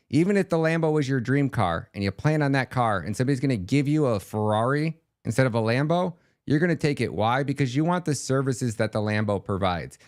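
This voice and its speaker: A man talking through a podcast monologue in an easygoing, rambling way. He sits at a mid pitch and leans on fillers and asides, and he slips into quick quoted dialogue when he tells a story. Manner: chatty, loose, acts out quoted dialogue, many fillers. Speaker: podcast host. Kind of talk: casual monologue.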